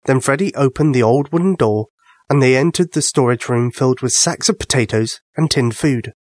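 A man narrating a children's bedtime story with an expressive reading. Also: mid-range voice, normal speed, no room sound.

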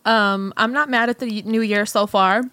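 A woman's voice: mid-range voice, fairly even intonation, normal speed, a bit bright, clean tone, dry recording. A woman co-hosting a podcast in casual chat, playful and giggly, swearing freely. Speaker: podcast co-host.

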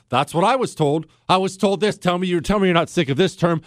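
A man's voice: high voice, quick pace, few pauses, dry recording, clean studio sound. A middle-aged man hosting a political talk show, indignant and sarcastic in his commentary. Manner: indignant and sarcastic, voices mock quotes. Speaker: podcast host.

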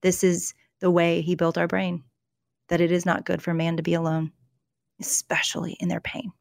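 Middle-aged woman, guest author, earnest storyteller, lowish gravelly voice, dry close sound. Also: completely flat delivery, no echo. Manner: earnest, storytelling, halting restarts. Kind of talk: conversational interview about faith and emotions.

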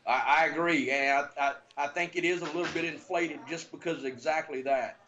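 High-voiced Southern man, halting. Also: pushed and bright, lo-fi sound. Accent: Southern American. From American South. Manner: halting, many fillers and restarts. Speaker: sports betting analyst. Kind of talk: casual sports talk.

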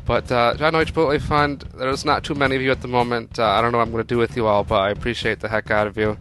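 A man hosting a casual podcast chat, with a bright, forward voice. He rambles through updates and laughs easily. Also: medium pitch, steady tone, fast, soft background music. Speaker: podcast host.

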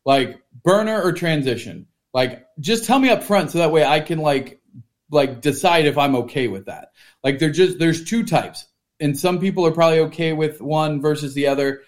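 A man's voice: on the high side, moderate pace. A man co-hosting a podcast in casual chat, talking in a joking, rambling way full of "like". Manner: chatty and joking, heavy use of "like". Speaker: podcast co-host.

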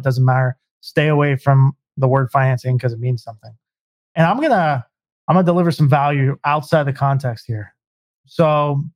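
A man's voice: medium pitch, a little mellow, dry recording. A man giving emphatic business advice in a podcast conversation, often tagging points with rhetorical questions. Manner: emphatic, rhetorical "right?" asides. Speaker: home service business consultant.

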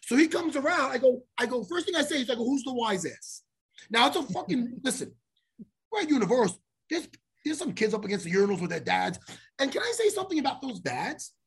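A man's voice: very high-pitched, big pitch swings, fairly quick, a bit bright, slightly rough. A man telling a story on a podcast in a loose, profane way, acting out every exchange. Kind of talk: casual storytelling.

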